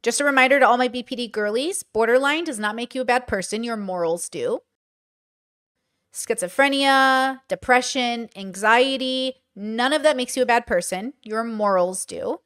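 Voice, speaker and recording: A woman's voice: fairly high pitch, normal speed, a bit bright. A woman streaming live, explaining herself in an earnest, defensive, lecturing way.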